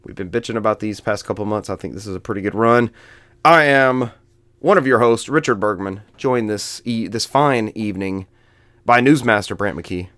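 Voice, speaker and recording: A man's voice: fairly low pitch, moderate pace, a bit bright, no echo. Joking man hosting a podcast. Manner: joking, rambling, laughs often. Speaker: podcast host. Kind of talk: casual video game podcast chat.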